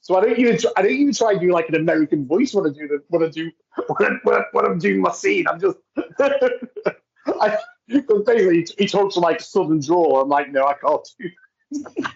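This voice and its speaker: Husky man, halting chat. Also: sits high, animated, highs cut off. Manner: halting, repeats words, laughs easily. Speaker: podcast co-host. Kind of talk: casual film commentary chat.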